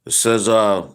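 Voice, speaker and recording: Lowish-voiced guy rambling thru a bible talk, slangy, slows way down on the verses. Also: gravelly, a bit bright, husky. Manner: loose, rambling, slangy, reads scripture slowly. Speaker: preacher. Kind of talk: casual street-style Bible teaching.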